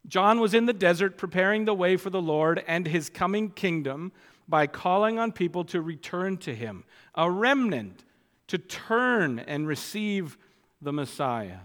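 Man, preacher, expository sermon, slow and emphatic, long hall echo. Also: high voice, lively intonation, a bit bright. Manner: emphatic, slows down to stress key phrases.

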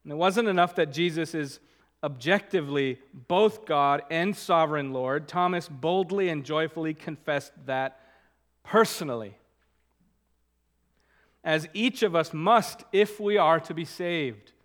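A man preaching a sermon as a pastor, earnest, slowing down to stress key words. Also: fairly high pitch, a bit bright.

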